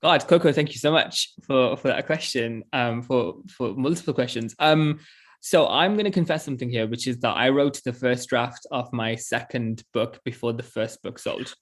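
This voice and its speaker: A young man in his twenties talks earnestly over a video call, at a middle pitch. He laughs often and restarts his sentences as he goes, in a relaxed, conversational way. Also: moderate pace. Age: 20s. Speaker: author. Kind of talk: casual interview chat.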